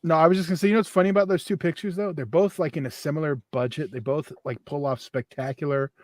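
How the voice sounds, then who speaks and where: A man's voice: fairly high pitch, steady tone, fast talker, darkish tone, dry recording, studio quality. A man co-hosting a casual podcast about the awards season, blunt and profane, keeping the others on track. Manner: blunt, profane, bossy about running the show. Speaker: podcast co-host. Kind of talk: casual chat.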